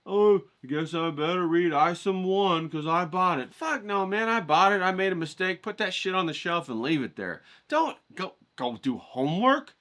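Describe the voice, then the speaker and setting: A man giving a casual, profane pep talk on his art vlog, energetic and full of "you know"s. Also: a little high. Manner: energetic, swearing, pumped-up, lots of "you know". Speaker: art vlogger.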